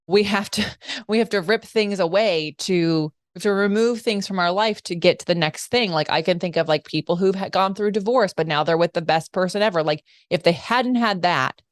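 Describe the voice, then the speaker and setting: A chatty woman host with a very low voice, telling stories casually and in an animated way. She drops in lots of "like" fillers, and her voice is close and dry, with no room echo. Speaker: podcast host. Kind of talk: casual interview conversation.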